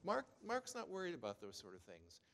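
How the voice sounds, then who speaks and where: A man's voice: fairly high pitch, huge pitch swings, brisk, fairly bright tone. A man preaching a sermon in a conversational way, with many "you know" fillers, in what sounds like a church. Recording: long hall reverb.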